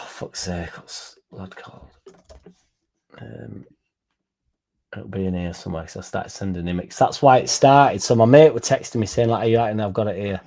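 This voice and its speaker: Speaking a little fast in a lowish, creaky voice with a darkish tone, a young man tells his livestream viewers a rambling, sweary story. He's a football fan streamer, and his delivery is blunt and casual.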